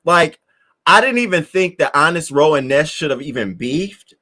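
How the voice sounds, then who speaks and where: A man's voice: a little high, lively intonation, normal speed, pushed and bright. A young man hosting a casual live stream, talking brashly and with plenty of cursing straight to his chat. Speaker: livestream host.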